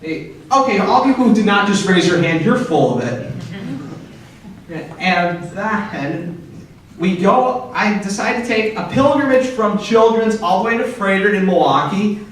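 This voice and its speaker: A young man doing a stand-up set in a comedy club, telling stories in a deadpan way and jumping high for quoted outbursts. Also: a little slow, slight background noise. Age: young adult. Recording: echoey club from far off.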